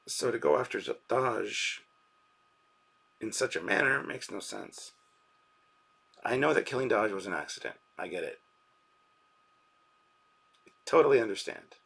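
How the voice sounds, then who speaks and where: A man's voice: lowish voice, gravelly, fairly bright tone, husky. A man hosting a live reaction stream, rambling casually and reading out viewers' chat messages and donations.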